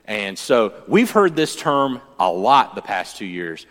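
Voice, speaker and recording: A man preaching a sermon in a church, conversational and joking, swinging from loud emphasis to hushed storytelling. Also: on the low side, very animated, slow, long reverb tail. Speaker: pastor.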